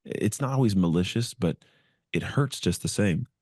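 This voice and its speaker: A man's voice: low-pitched, animated, normal speed, darkish tone, dry recording, studio quality. A man as a podcast guest, telling his story in an earnest, reflective way and acting out the voices in his head. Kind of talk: storytelling interview.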